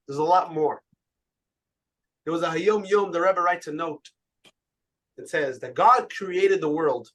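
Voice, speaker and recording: Male rabbi, slightly high voice, lively spoken sermon, repeats words as he thinks. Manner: animated storytelling with frequent repeated words.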